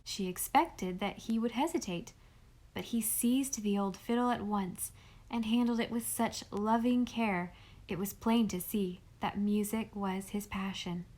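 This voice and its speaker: Woman, audiobook narrator, gentle even storytelling, scripted narration. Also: mid-range voice, unhurried.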